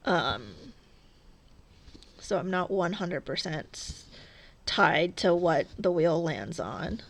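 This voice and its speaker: Woman, cross-stitch vlogger, gravelly voice, unhurried, rambling chatty manner. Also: lowish voice, animated. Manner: rambling, chatty, laughs at herself. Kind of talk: casual stitch-along chat.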